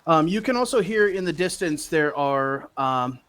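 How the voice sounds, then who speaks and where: A man's voice: fairly high pitch, expressive, normal speed, a bit bright. A man narrating as game master of a tabletop game, rambling with many fillers.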